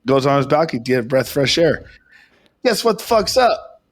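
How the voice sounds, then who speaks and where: A young podcast co-host tells a long, rambling, profane story and insists it's true. His medium-pitched voice is very animated and fairly quick.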